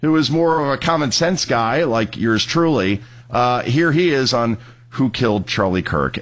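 A middle-aged man hosting a commentary show, sarcastic and mocking, who bursts into yelling. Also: medium pitch, moderate pace. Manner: animated, mocking, yells in bursts. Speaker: host. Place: studio in New Jersey.

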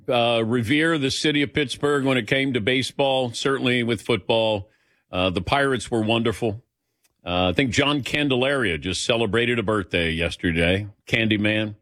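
A man's voice: mid-range voice, a bit bright, no room sound, clean studio sound. A man in his sixties hosting a call-in sports radio show, chatty and laughing often. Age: 60s.

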